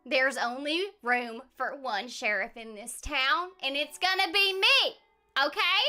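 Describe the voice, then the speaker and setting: A woman's voice: high voice, lively intonation, unhurried, pushed and bright, soft background music, heavily acted. A woman voicing a cheerful, boastful female country sheriff in a hammy, put-on American country drawl.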